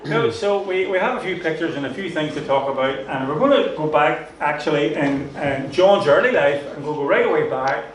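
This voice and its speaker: A man's voice: fairly high pitch, lively intonation, a little fast, hardly any pauses, crowd noise. A man with a Northern Irish accent interviewing a guest in a gospel hall, prompting with friendly questions and many fillers. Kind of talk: conversational interview. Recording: echoey hall, mic at a distance.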